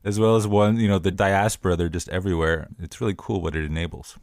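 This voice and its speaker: A man's voice: low-pitched, fairly even intonation, fast, a little mellow, dry recording, studio quality. A man co-hosting a podcast, talking in an easygoing, enthusiastic way. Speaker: podcast co-host. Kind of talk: casual conversation.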